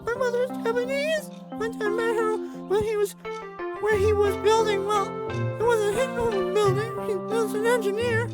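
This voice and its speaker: Bubbly squeaky teen girl musician, chatters without pause; a woman doing the voice. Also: steady tone. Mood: chattering. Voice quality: very high squeaky put-on voice. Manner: nonstop rapid chatter. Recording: loud game music behind.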